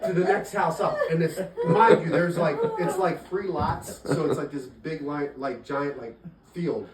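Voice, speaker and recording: A man's voice: a little high, unhurried, over a noisy crowd. A man telling a rambling, laughing story to family and friends, full of fillers. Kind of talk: casual anecdote told to friends. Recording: roomy echo from a distant mic.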